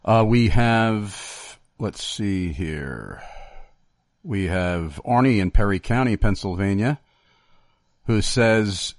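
A man hosting a show reads listener questions aloud at an unhurried pace, pausing a little between them. His voice is on the low side, and the recording is dry and close, with no room sound. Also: no room sound.

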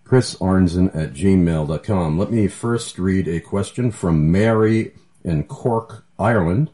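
A man hosting a call-in radio talk show, jovial and quick to laugh, reading out listener questions. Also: sits low, dark tone. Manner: jovial, laughs often, fumbles for papers.

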